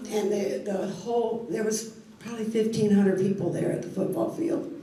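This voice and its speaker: A woman's voice: mid-range voice, steady tone, mellow. Woman testifying in an echoey hall. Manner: heartfelt, halting with restarts. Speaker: grieving parent speaking to a church group. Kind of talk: personal testimony to an audience. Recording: echoey hall, heard from a distance.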